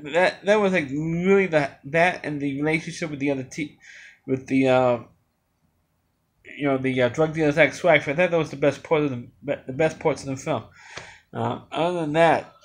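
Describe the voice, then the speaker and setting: Male solo vlogger, slightly higher pitch, loose rambling delivery with frequent restarts. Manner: rambling, many restarts and fillers. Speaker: movie reviewer. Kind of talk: unscripted solo review.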